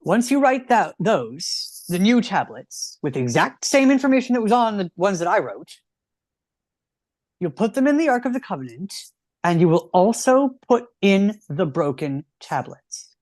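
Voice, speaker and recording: A man voicing God as a gentle, grateful male deity, speaking in a warm, measured way. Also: high-pitched, sing-song, no echo.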